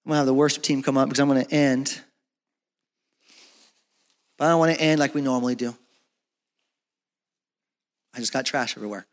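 A man preaching a sermon as pastor in a church, swinging from loud, shouted peaks down to low, soft talk. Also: steady tone, fairly quick, pauses often. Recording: long reverb of a church hall.

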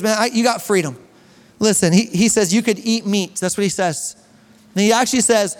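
A man preaching a sermon as pastor, animated and reading scripture aloud to his congregation. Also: sits high, big-room sound. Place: church hall.

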